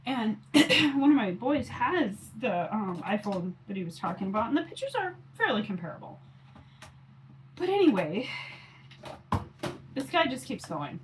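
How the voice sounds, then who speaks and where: A woman's voice: a little high, sing-song, a little slow, pauses often, a little hiss or hum, rough recording. A woman in her forties chatting casually on her phone camera while doing her makeup, rambling with lots of fillers. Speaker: mom vlogger.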